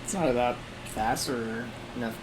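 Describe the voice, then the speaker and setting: A man's voice: mid-range voice, measured pace, over a noisy crowd. A man co-hosting a podcast, chatting casually about beer with an easygoing manner and dry jokes. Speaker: podcast co-host. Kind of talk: casual chat while tasting beer. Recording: noisy room with air conditioner hum.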